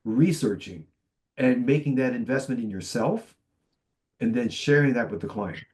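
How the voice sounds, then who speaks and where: A man's voice: medium pitch, normal speed. Storytelling man on a sales panel. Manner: animated anecdotes with quoted dialogue.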